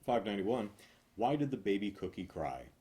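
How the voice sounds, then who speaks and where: Man, lowish voice, reads joke after joke, swings his pitch wide, stretches the punchlines. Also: slight background noise. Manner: animated, punchy joke delivery with drawn-out punchlines. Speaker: host reading jokes. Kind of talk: reading jokes aloud from a book.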